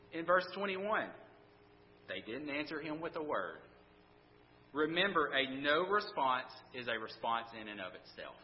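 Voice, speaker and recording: Man preaching conversationally in a reverberant hall. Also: a little high. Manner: conversational, sarcastic, animated retelling. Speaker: pastor. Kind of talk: sermon. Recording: dull sound in a reverberant hall.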